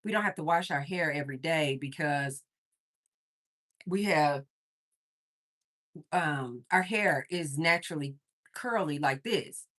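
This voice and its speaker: A woman hosting a casual livestream, chatting with viewers and telling stories in an animated way. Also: sits low, slow pace, pauses often. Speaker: livestream host.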